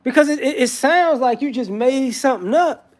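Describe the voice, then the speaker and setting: A man's voice: very high voice, animated, moderate pace. A man giving a casual, rambling commentary monologue with frequent restarts and repetitions.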